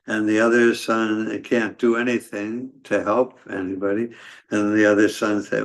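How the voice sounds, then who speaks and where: A man giving a scripture class in a halting, conversational way, with many fillers and restarts. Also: lowish voice, level tone. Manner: conversational storytelling. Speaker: class speaker.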